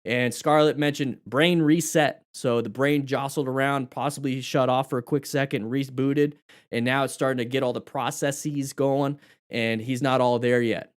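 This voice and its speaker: A man teaching motorcycle safety, commenting on a crash video in a lively way and asking questions. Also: medium pitch, moderate pace. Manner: animated, acts out rider dialogue and questions.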